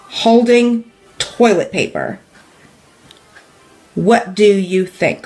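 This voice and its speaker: A woman's voice: on the high side, lively intonation, slow, pauses often, darkish tone, faint music behind. A woman teaching in a live stream, talking casually with many fillers, asking viewers questions, repeating her points and laughing lightly. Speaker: direct sales business coach.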